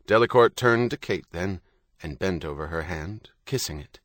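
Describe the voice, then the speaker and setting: A man reading a novel aloud in steady, even narration. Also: deep voice, normal speed, dry recording, clean studio sound. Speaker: audiobook narrator. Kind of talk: scripted narration.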